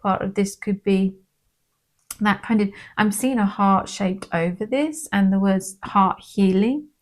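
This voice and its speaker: A woman giving a casual tarot card reading in a gentle, reassuring manner, often checking in with "okay?". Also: mid-range voice, unhurried.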